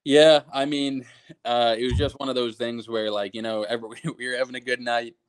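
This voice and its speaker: A man's voice: mid-range voice, level tone, brisk, clear, resonant tone, dry recording. A young adult man, a podcast guest, recalling a story in a hesitant way with many fillers and small laughs. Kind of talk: casual chat.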